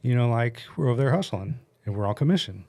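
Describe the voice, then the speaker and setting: A man, a guest on a podcast, telling a work story in a blunt, animated, casual way with some swearing. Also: medium pitch, fast. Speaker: guest, paintless dent repair business owner.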